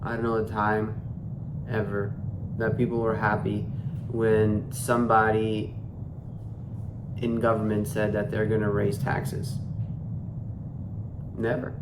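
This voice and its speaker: Slow, laid-back man in echoey room. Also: lowish voice, completely flat delivery. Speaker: reaction streamer. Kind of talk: casual reaction commentary. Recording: echoey room with background noise.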